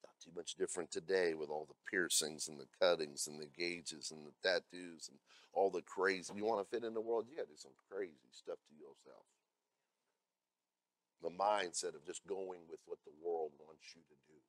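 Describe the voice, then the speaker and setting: A male pastor delivering a sermon, moving between loud scripture readings and blunt asides to the congregation. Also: deep voice, normal speed, dry recording. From America. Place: church.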